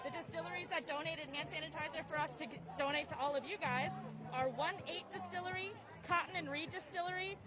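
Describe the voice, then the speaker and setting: A woman's voice: very high-pitched, brisk. A woman volunteer speaking live at a street protest, cheerful and speaking up over the noise. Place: outdoor city street protest. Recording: live outdoor stream with crowd and music. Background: crowd and music.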